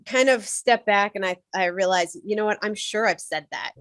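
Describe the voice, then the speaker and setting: A woman's voice: medium pitch, brisk, few pauses, a bit bright, no echo. Earnest woman sharing a personal reflection. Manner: earnest, conversational, many fillers.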